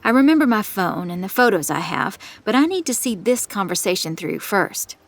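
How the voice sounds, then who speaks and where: A woman's voice: medium pitch, sing-song, normal speed. A woman narrating in the first person with tense, suspenseful delivery, on a close studio mic. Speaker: audiobook narrator.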